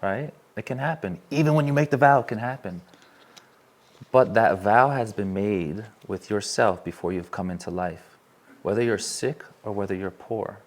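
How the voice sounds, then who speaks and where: A man with a low, gravelly voice leads a live workshop in a room with a small audience. He earnestly shares a candid personal story and asks the people there questions.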